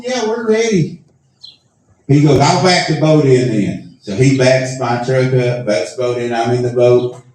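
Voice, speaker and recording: A man's voice: mid-range voice, darkish tone, a little hiss or hum. A man hosting an awards show, telling a long self-mocking story and acting out the dialogue. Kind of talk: live storytelling to an audience. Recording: echoey room, mic at a distance.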